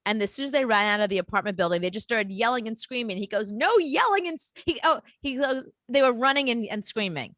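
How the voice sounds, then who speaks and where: A woman's voice: on the high side, fast, hardly any pauses, no echo. A woman co-hosting a casual radio talk show, telling stories expressively and laughing. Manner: expressive storyteller, laughing, acting out quotes.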